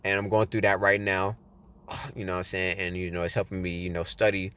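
A man hosts a podcast of casual faith talk, giving Bible study and reading tips and frequently saying "you know what I'm saying." His low voice is clear and resonant, slightly bright, a bit fast and flat in delivery.

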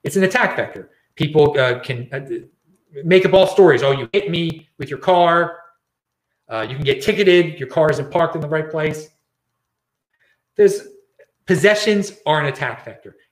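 A man's voice: fairly high pitch, lively intonation, normal speed, reverberant. A man hosting his own show, ranting in casual commentary and often repeating and restarting words. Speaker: show host.

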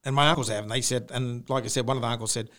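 A man's voice: mid-range voice, rapid-fire. A man telling a personal ghost story in casual chat, acting out the sounds he heard. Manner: animated storyteller, mimics the noise with rising howls. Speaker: podcast co-host.

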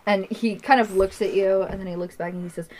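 A woman's voice: medium pitch, steady tone, quick pace, a little mellow, poor audio. A woman narrating a tabletop game as game master, chatty and full of fillers.

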